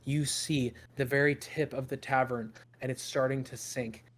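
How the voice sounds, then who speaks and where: A man's voice: medium pitch, steady tone, normal speed, slight background noise. A man narrating a tabletop game as game master, in a loose, improvised storytelling way with fillers.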